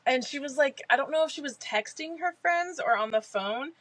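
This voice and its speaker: A woman's voice: high voice, expressive, moderate pace, a bit bright. A woman co-hosting a podcast, chatting casually with frequent laughs. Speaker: podcast co-host. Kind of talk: casual chat, book discussion.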